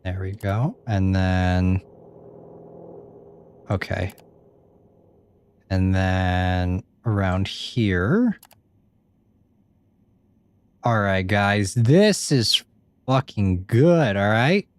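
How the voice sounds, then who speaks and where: Laid-back lowish-voiced gamer guy. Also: drawn-out words, long pauses, smooth, no echo. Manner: joking, self-deprecating, swears freely. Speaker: gaming YouTuber. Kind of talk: casual gameplay commentary.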